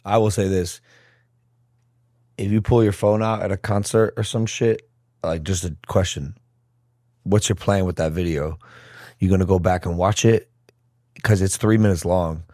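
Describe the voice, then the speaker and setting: A man's voice: low voice, fairly even intonation, moderate pace, long pauses, dark tone, no echo, studio quality. A young man co-hosting a podcast in casual banter, teasing and asking blunt questions. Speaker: podcast co-host.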